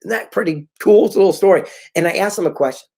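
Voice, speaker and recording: A middle-aged man giving an animated motivational talk, telling stories and acting out quoted dialogue. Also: high-pitched, quick pace, gravelly. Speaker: motivational speaker.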